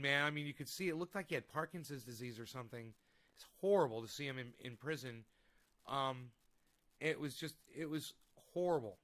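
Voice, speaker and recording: Man, casual home stream, rambling, swearing, heated rants, bright tense voice. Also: medium pitch. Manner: rambling, profane, heated ranting. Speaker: vlogger. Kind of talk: casual live-stream chat. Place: home room with a desk. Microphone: desk microphone.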